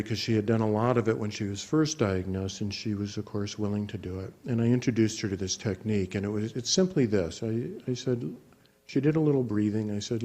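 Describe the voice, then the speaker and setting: A man working as a clinician who teaches relaxation imagery, telling a patient's story in a calm, measured way with frequent restarts. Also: fairly low pitch. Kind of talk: spoken teaching talk with a case story.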